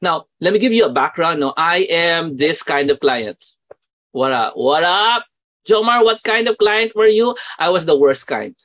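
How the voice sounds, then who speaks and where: A man with a Filipino accent gives an animated, casual spoken lesson. He often asks his listeners questions and drops quick Tagalog asides. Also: fairly high pitch, no room sound. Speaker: mentoring course instructor.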